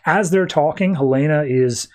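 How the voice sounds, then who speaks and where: A man's voice: on the high side, moderate pace, darkish tone. Man casually recapping a comic. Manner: loose, conversational retelling with frequent "uh" and "he's like". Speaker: podcast host.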